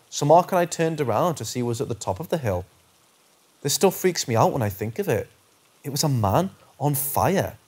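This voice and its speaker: A man reading true paranormal stories aloud in a steady, measured narration that slows on eerie phrases. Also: on the high side. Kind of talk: scripted narration.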